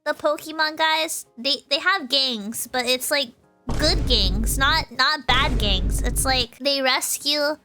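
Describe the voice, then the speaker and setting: A woman's voice: sits high, bright, forceful tone. A tipsy woman streamer rambling through a casual explanation, giggly and loose, often correcting herself mid-sentence. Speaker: VTuber streamer.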